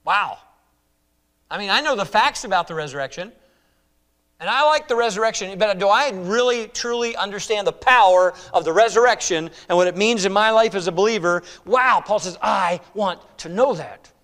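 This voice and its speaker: A man delivering a sermon with a high, light voice. He preaches emphatically, rising to loud exclamations and dropping to hushed lines, and repeats words and phrases for emphasis. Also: brisk. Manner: emphatic, swings between loud exclamations and hushed near-whispers.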